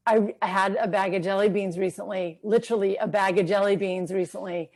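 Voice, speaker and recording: A woman's voice: mid-range voice, fairly even intonation, fairly quick, darkish tone. A woman chatting casually as co-host, talking hesitantly with many fillers. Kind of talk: casual chat.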